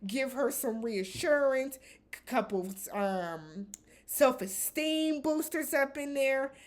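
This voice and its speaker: A woman hosting a casual reality TV recap, talking in a blunt, animated way with some swearing. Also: high-pitched, slow pace.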